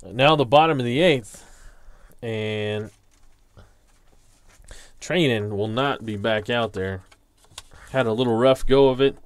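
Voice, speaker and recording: Slow, deliberate man calling simulated baseball. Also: medium pitch. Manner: slow and deliberate, reading out dice rolls and stats. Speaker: league commissioner calling a tabletop baseball sim. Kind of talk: play-by-play commentary.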